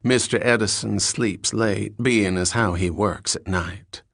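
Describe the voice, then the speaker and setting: A man's voice: on the low side, unhurried, creaky, a bit bright, no room sound, studio quality, heavily acted. A man voicing a talkative, hospitable Southern landlady, a middle-aged woman, with a thick drawl.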